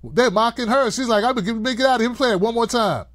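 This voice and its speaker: A man's voice: very high-pitched, quick pace, background noise. A man hosting a political commentary show, talking in an emphatic, sarcastic monologue.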